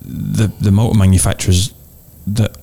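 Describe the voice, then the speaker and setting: A man who is a guest car expert on a podcast, giving relaxed, plain-spoken opinions in casual studio chat. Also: lowish voice, normal speed, gravelly, breathy edge.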